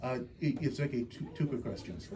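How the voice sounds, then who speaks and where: A fan at a convention asking a question in a halting way, with lots of fillers. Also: male voice, mid-range voice, lively intonation, a crowd in the background, low-quality recording. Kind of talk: audience question. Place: convention hall.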